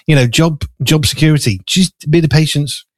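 A slightly higher-voiced man hosts a live studio show, talking in a loose, rambling way full of fillers. He sounds a little out of breath. The sound is dry and close. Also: brisk, dry recording. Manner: chatty, rambling with fillers, eating while talking. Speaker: show host. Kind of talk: casual live studio chat. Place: small studio.

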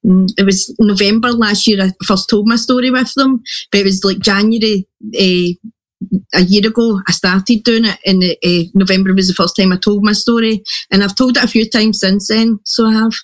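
Guest: mid-pitched speaker, hesitant and halting, casual chat. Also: fairly even intonation. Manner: halting, many restarts and fillers. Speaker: guest sharing their story.

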